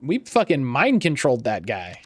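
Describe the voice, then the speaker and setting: A man streaming a video game, chatting excitedly and reading in-game text aloud. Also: medium pitch, slightly rough, faint music behind. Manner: excitable, swears casually, reads item text in a measured voice. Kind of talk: casual let's-play commentary, reading game text aloud.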